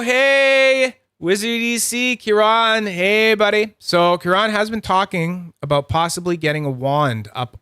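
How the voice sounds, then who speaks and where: The studio-quality recording, free of room sound, captures a man with a mid-range, slightly bright voice. As host of a livestream review channel, he keeps things casual and rambling, swearing often and greeting viewers by name.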